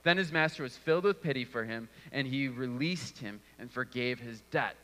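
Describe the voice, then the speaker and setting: A man's voice: mid-range voice, moderate pace, fairly bright tone, long reverb tail. A man giving a conversational sermon and sometimes restarting his words. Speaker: preacher.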